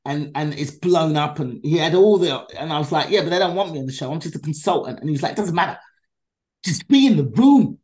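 Speaking quickly with hardly any pauses, a low-voiced woman comedian shares a conversational story as a podcast guest. She swears freely and brings the tale alive by acting out each person's lines in different voices.

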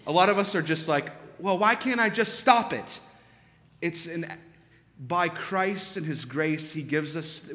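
A young man preaching in a church sanctuary, his slightly high voice carried by a long hall reverb. He talks conversationally, telling stories with energy and tossing in quick asides. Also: sharp tone. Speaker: pastor. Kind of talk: sermon.

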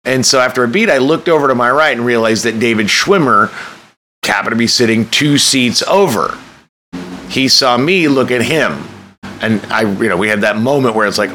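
A man's voice: mid-range voice, brisk, bright, forceful tone, slight background noise. A man telling a candid, self-mocking personal story, swearing freely and breaking into sudden emphatic bursts.

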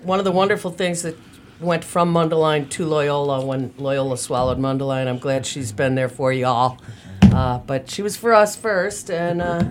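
A woman's voice: low voice, moderate pace, noisy background. An older woman co-hosting a radio talk show, chatting casually and joking with laughter. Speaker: radio co-host.

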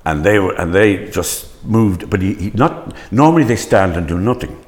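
A man's voice: sits low, animated, normal speed. An older man, a stage actor, reminiscing in an interview with rambling, stop-start storytelling.

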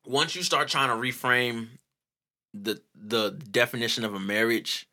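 Man, sharp bright voice, casual co-host chat, animated, profane, playful quoting. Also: medium pitch, unhurried. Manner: animated, profane, laughs a lot, acts out quotes.

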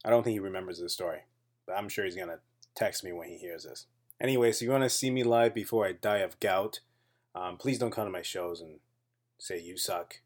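A man hosting his own weekly comedy podcast, telling a childhood story in a lively, suspenseful way with self-deprecating jokes. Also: low voice, a little fast. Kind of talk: casual storytelling monologue.

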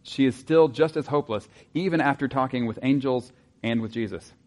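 Man, pastor, conversational sermon, rhetorical questions, soft asides. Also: mid-range voice, brisk.

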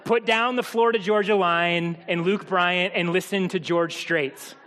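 A man's voice: sits high, steady tone, a little slow, a bit bright. A man preaching a sermon in a humorous, conversational way, speaking directly to the congregation in a church. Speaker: pastor. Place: church hall. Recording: long hall reverb.

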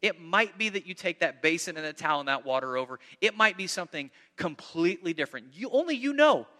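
A man preaching with a bright, ringing voice, somewhat higher than most men. He is earnest, and he swings from loud emphasis down to soft, hushed asides. The sound carries a long reverb from the hall. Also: animated, fast talker. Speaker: pastor. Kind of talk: sermon.

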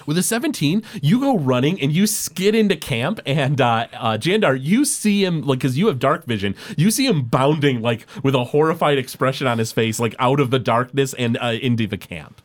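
A man narrating a tabletop role-playing game as game master, descriptive and halting with fillers. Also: mid-range voice, lively intonation, dry recording.

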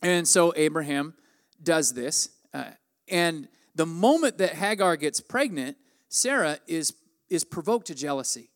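A man's voice: animated, unhurried. A man in his forties preaching a conversational sermon, acting out the people in the story. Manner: conversational, acts out quoted lines with raised pitch. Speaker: pastor.

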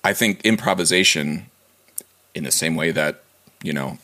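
A man hosting a podcast in casual conversation, animated and self-deprecating, with lots of fillers, talking over a remote call. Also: rumbling low, moderate pace. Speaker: podcast host.

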